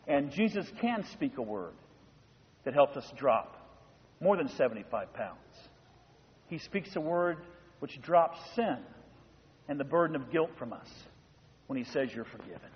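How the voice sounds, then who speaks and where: High-voiced pastor preaching in a reverberant church. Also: male voice, measured pace, long pauses. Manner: animated storytelling, acting out voices in bursts. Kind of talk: sermon. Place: church sanctuary. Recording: dull sound in a reverberant church.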